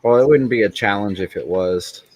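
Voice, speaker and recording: Friendly and talkative, this man runs a live stream with easy casual chatter and a slightly low voice. He laughs often as he talks and tosses in quick apologies. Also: a little mellow, slightly rough, dry recording, rough recording. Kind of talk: casual chat.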